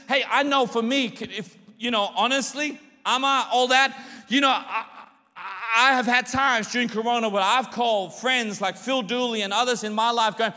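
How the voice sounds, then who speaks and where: A male pastor preaching a sermon in an animated way, acting out the voices of people in his stories. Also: very high-pitched, normal speed, few pauses. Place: large church hall. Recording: reverberant church hall.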